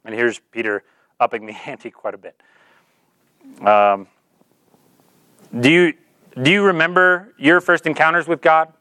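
Smooth-voiced casual male preacher. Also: on the high side, unhurried, long pauses, sharp tone, no echo. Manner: earnest, informal, filler-heavy with "like". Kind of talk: conversational sermon.

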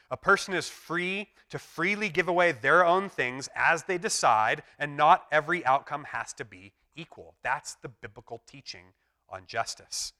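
Bright-voiced male preacher, emphatic. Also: a little high, lively intonation, unhurried. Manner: earnest, emphatic preaching that acts out quoted voices. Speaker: pastor. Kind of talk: sermon.

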